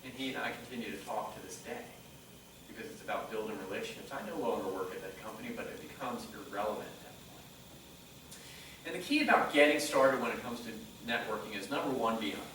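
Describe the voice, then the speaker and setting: A man giving a motivational talk on stage, telling stories and acting out conversations in a lively way. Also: mid-range voice, quick pace, slight background noise. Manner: animated storyteller quoting dialogue. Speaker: motivational speaker. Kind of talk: live presentation storytelling. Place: conference room. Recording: echoey hall mic from a distance.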